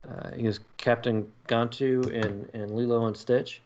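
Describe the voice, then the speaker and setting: A man's voice: medium pitch, little pitch movement, measured pace, darkish tone, lo-fi sound. A man co-hosting a podcast, telling stories in a casual chat with frequent fillers. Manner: chatty, storytelling with frequent fillers. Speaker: podcast co-host.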